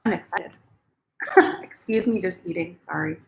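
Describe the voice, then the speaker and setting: Through a computer camera mic, a woman chats casually during her first-ever crochet stream from home, giggling often between bites. Her voice sits on the low side, gravelly, at a normal pace.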